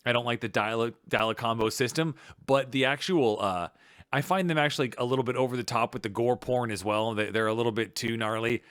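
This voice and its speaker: A man co-hosting a casual podcast chat, rambling with many restarts and bursts of excitement. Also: mid-range voice, fairly quick, smooth, no room sound, clean studio sound. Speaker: podcast co-host.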